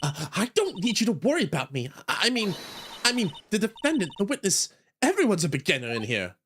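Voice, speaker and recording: A man's voice: high voice, huge pitch swings, brisk, fairly bright tone, a little hiss or hum, heavily acted. A man voicing a nervous young woman rookie lawyer in a game read-along, flustered and stammering.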